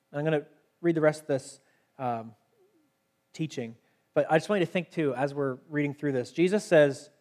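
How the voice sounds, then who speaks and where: A man gives a sermon as pastor, earnest and easygoing. He mixes scripture reading with everyday, chatty explanation. His voice sits a little high for a man. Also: animated, a little fast. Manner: earnest, conversational, reads scripture aloud.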